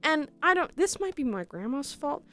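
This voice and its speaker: A young woman streamer telling a story casually in an animated way, laughing often. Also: high-pitched, moderate pace.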